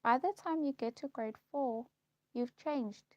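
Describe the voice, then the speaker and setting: A young woman telling her life story in a casual vlog, repeating herself and pausing with ums as she lists memories. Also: high voice, dry recording. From South Africa. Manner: repetitive, listing recollections with frequent ums. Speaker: vlogger. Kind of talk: personal storytelling. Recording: dull lo-fi recording.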